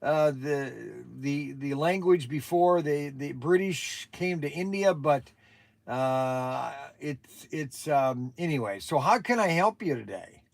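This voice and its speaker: A man's voice: on the high side, lively intonation, slow, gravelly, no echo. A man hosting a casual livestream, talking in a chatty, rambling way with many restarts. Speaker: livestream host.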